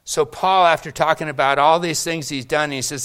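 A man's voice: fairly high pitch, fairly even intonation. Conversational male pastor preaching. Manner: conversational, addresses people in the congregation by name; rises to loud emphatic peaks, then drops quiet and slow. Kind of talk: sermon.

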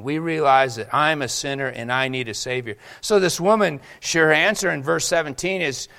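A man preaching a sermon to his congregation, animated, asking rhetorical questions and acting out quotes. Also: a little high, moderate pace, vocal fry, hardly any pauses. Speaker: pastor.

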